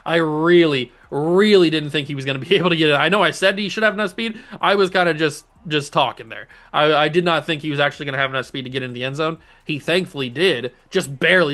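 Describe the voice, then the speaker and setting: A man hosting a gaming channel, giving casual, animated let's-play commentary as he pleads with his players and cheers their plays. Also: fairly high pitch.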